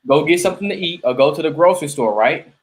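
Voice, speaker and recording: A man's voice: on the high side, expressive, fast. Laid-back man hosting a casual chat. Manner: laid-back, rambling with fillers and restarts. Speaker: podcast host. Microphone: video call.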